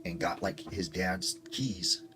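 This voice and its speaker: Low-voiced man rambling through a ghost story. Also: takes it slowly, noisy background. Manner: rambling, filler-heavy storytelling. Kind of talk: casual spoken ghost story. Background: music.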